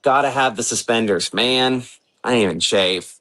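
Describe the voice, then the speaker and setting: Heard on a rough recording, this man's mid-range voice is bright and forceful at a normal speed. He's a weather forecaster hosting a livestreamed severe weather briefing at home in the early morning, speaking casually and filling pauses as he reasons through the maps aloud.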